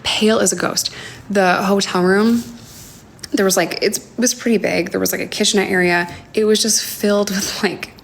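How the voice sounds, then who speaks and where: A young woman telling a personal story on a livestream from home, talking in a halting, hesitant way with many fillers and sometimes dropping to a near whisper. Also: mid-range voice, fairly even intonation, creaky. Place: home, indoors. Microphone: phone livestream.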